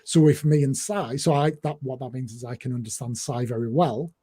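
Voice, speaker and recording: A chatty man with a northeast English accent hosts a relaxed livestream conversation. His voice is husky and mellow, and he rambles along, often restarting his sentences. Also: mid-range voice, fairly quick. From northeast England. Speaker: host. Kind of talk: casual chat on a livestream.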